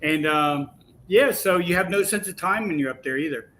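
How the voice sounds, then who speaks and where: A man guest telling a long personal story in a lively, animated way, acting out the voices he quotes. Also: on the high side, moderate pace, a little hiss or hum, rough recording. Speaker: podcast guest. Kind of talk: casual storytelling.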